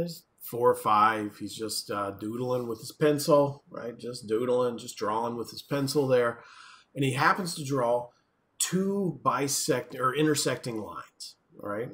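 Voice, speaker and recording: A professor gives a recorded university lecture in a relaxed, chatty style, his voice at a middle pitch. He often checks in with the class by asking "right?" and acts out quoted voices to make his points.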